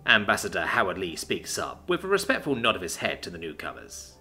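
A male narrator reading a story aloud with a bright, sharp tone. His pitch moves a great deal, keeping the scripted reading animated. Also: a little fast, few pauses, soft background music.

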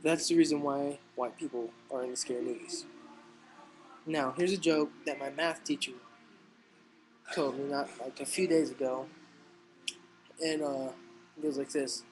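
A teenage boy telling jokes in a casual, rambling way, halting with fillers and restarts. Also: medium pitch, fairly even intonation, darkish tone, a little hiss or hum, low-quality recording. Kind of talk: casual stand-up style joke telling.

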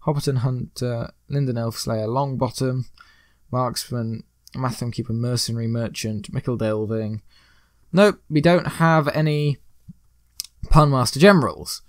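A man's voice: mid-range voice, steady tone, measured pace, no echo, studio quality. A man hosting a let's play, giving rambling, joking gameplay commentary full of puns. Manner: rambling, joking, pun-loving.

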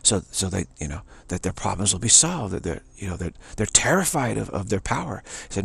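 A man giving a rambling spiritual talk, digressive and halting, restarting his sentences often. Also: on the low side, big pitch swings, vocal fry, fairly bright tone, slightly rough. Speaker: spiritual teacher. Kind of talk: rambling spoken monologue.

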